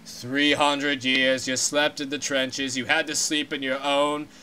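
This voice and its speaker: Man doing a deep, grave old fish king. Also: little pitch movement, measured pace, sharp tone, smooth. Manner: solemn, formal, archaic speech. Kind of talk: comedic fan voice-over of a game.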